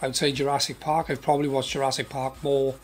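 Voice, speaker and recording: A man on a livestream panel, calmly weighing his opinion in casual chat. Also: medium pitch. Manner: measured, weighing options.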